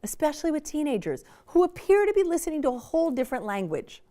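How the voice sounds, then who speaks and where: Woman workshop presenter, lively and emphatic, fairly high voice, acts out quotes. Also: quick pace. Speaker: parenting workshop speaker. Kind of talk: public talk.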